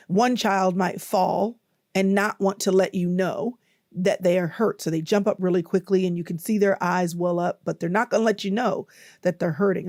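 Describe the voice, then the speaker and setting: Warm, emphatic woman in her fifties. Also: mid-range voice, no room sound, clean studio sound. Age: 50s. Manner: conversational, emphatic, addresses listeners as y'all. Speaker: podcast host. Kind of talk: casual motivational talk.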